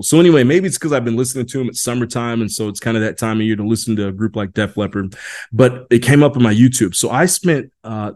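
40s guy from indiana talking leadership on his podcast, kinda low voice, rambles and restarts a lot, says y'all. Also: a little mellow. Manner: rambling, many restarts and fillers, folksy "y'all". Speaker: podcast host. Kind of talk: casual monologue.

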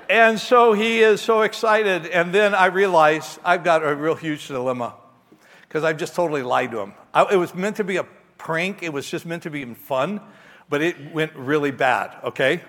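A middle-aged man preaching a sermon, telling a story about himself in an animated, self-mocking way. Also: on the high side, normal speed. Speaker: pastor. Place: church hall. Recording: long hall reverb.

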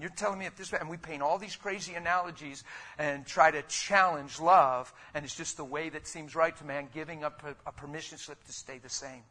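A middle-aged man preaching a sermon with fervor, dropping low and then rising into loud, emphatic bursts. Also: steady tone, a little fast. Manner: fervent, swinging from quiet to loud emphatic bursts.

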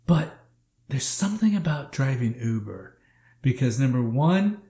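Chatty male guest with middle pitch telling rideshare stories, recorded in a roomy space. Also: unhurried. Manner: animated, laughing, leans on "like". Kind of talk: casual storytelling chat. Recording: roomy echo.

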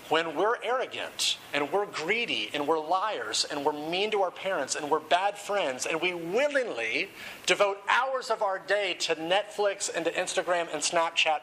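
A male pastor delivers a sermon with a bright, forward voice, quick and casual. He throws out rhetorical questions and jokey asides, and sits a touch above the usual male pitch. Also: slight background noise, poor audio.

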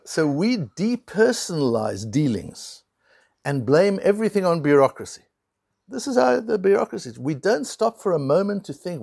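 A man's voice: on the high side, creaky, breathy edge, dry recording, studio quality. A man teaching a Torah lecture, talking through points with rhetorical questions and small acted-out scenes. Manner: animated, rhetorical questions, acts out little scenes.

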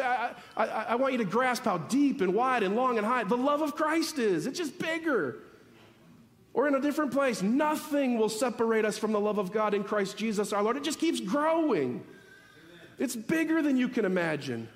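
A man preaching a sermon as the pastor, animated and building to emphatic peaks. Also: very high-pitched, moderate pace. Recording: long reverb of a large hall.

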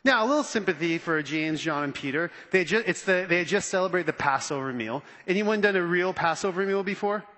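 A pastor preaching in a high, bright voice, animated and conversational. He slips into the quotes he reads and plays them out. His voice rings through a long church-hall reverb. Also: a little fast, few pauses. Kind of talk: sermon.

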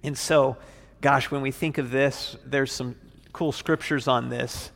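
A man preaching as a pastor, teaching through a Bible passage in a relaxed, casual way, acting out the characters' lines. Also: mid-range voice, a little slow, gravelly, big-room sound.

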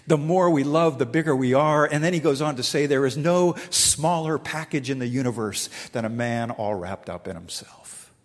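A man's voice: medium pitch, moderate pace, few pauses, big-room sound. A middle-aged man preaching a sermon, telling a story and acting out the dialogue with rising emphasis. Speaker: pastor.

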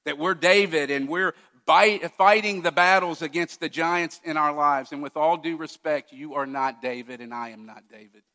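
A male pastor preaching a sermon with emphatic delivery, swinging from loud declarations to hushed asides. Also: fairly high pitch, normal speed, hardly any pauses.

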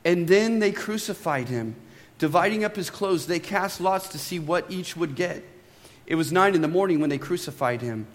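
A high-pitched man in his thirties preaches to his congregation. His voice rings with a long reverb through a church sanctuary. He reads scripture with dramatic, drawn-out emphasis and swells, and he tells stories in a loose, chatty way with asides to the listeners. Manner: relaxed storytelling with asides to the congregation. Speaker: pastor. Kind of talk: sermon.

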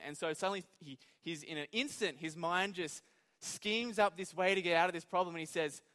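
High-voiced preacher in a reverberant hall. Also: male voice, brisk, a bit bright. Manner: informal, asks the audience questions. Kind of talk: conversational sermon.

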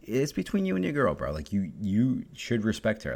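Young male solo podcast host, deep voice, blunt and heavily profane delivery. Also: wildly swooping pitch, creaky, a little mellow. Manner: profane, blunt, fast-talking. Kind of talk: casual solo podcast monologue.

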